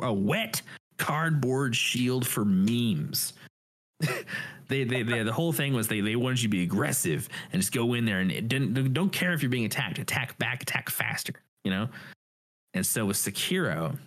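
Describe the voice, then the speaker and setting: A man guest on a gaming podcast with a stuffy, nasal voice from a cold, talking excitedly with stammers. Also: mid-range voice. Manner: excitable, laughs often, stammers. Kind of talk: casual chat.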